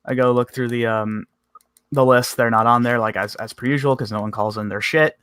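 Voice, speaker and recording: A man's voice: mid-range voice, fairly even intonation, brisk, fairly bright tone, clean tone, no echo. A young man co-hosting a podcast, telling stories in casual chat, laid-back, swearing freely and laughing as he goes. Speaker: podcast co-host.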